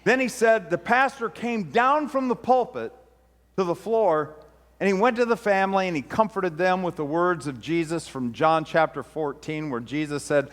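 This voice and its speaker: A man with a high voice delivers a sermon as a lively storyteller, lifting his voice sharply whenever he quotes someone. The sound carries a long church reverb. It comes across as a pastor speaking from the pulpit. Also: moderate pace. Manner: storytelling, acts out quoted preacher with rising intensity. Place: church sanctuary.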